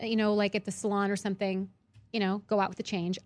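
A young adult woman in casual chat, telling a story with lots of halting restarts. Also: medium pitch.

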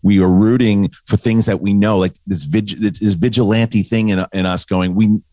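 A man co-hosting a podcast in casual review chat, animated, acting out lines he quotes. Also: on the low side, moderate pace, dry recording. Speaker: podcast co-host.

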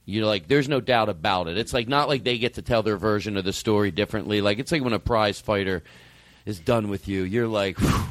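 A comedian hosting a podcast, telling stories in casual chat, profane and animated, acting out quotes. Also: male voice, on the low side, brisk, no room sound.

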